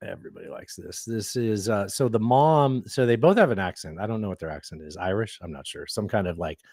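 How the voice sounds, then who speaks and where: A man's voice: lowish voice, a little fast, darkish tone, no echo, clean studio sound. A man co-hosting a comedy podcast, rambling and swearing in casual chat. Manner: rambling, profane, jokey. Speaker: podcast co-host.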